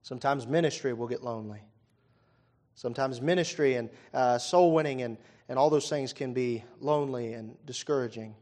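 A man preaching a sermon, moving from quiet conversational storytelling to loud, impassioned peaks, with frequent "uh" and "you know" fillers. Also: mid-range voice, normal speed.

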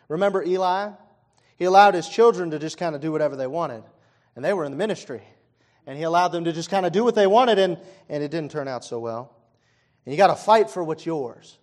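A pastor, preaching a sermon in a conversational way with frequent fillers, rising now and then to loud emphatic stretches. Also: male voice, fairly high pitch.

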